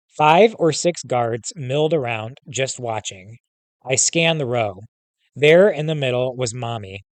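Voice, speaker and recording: A male teacher reads a memoir aloud in the first person, plain and steady, and now and then drops in a quick casual aside. His voice sits at a middle pitch. The sound is dry and close. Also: no room sound. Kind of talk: reading a book aloud.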